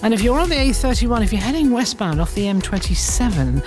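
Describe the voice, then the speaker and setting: A woman giving a radio traffic report, brisk and easygoing. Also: on the high side, big pitch swings, over music. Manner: brisk, laughs easily.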